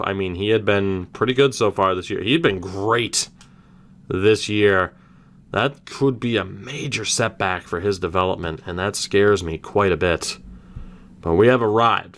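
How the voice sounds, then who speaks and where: Young man's casual game commentary. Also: fairly low pitch. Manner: thinks aloud, animated reactions, mild swearing. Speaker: gaming YouTuber. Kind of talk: casual let's-play commentary.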